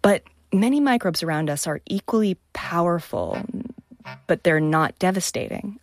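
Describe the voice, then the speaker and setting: A woman's voice: low-pitched, no room sound. A woman microbiologist telling vivid, enthusiastic stories about her research. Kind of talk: storytelling talk, stage and interview.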